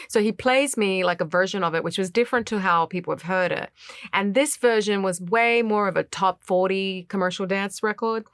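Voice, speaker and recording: A woman guest in a casual interview, telling a story in an animated way, acting out the other people's voices and laughing often. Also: mid-range voice, a little fast, dry recording. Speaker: singer-songwriter guest.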